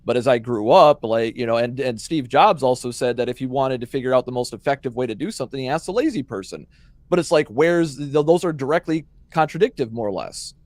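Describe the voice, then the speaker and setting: A man's voice: medium pitch, a little fast, no echo. A man co-hosting a casual panel chat, talking bluntly and with a lot of swearing as he makes his point. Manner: blunt, profane, animated. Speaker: podcast co-host.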